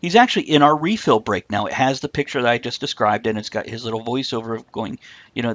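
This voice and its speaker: A man's voice: medium pitch, fast, fairly bright tone. A man hosting a podcast in casual chat, prompting his guest and sharing his own stories. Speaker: podcast host. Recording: dry, muffled lo-fi podcast audio.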